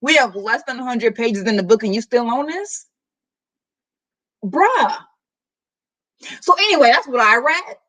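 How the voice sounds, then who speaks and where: A chatty woman vlogger recaps a book in loose, slangy talk. Her voice sits a little high and swings widely in pitch. The tone is bright. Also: lively intonation, measured pace, long pauses, rough recording. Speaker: book vlogger hosting a reading sprint. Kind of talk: casual chat, recapping a book.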